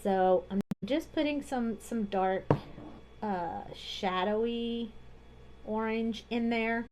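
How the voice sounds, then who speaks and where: A woman's voice: fairly high pitch, slow pace, noisy background. A woman hosting a live card-making tutorial, chatting casually as she talks through each coloring step at her craft desk.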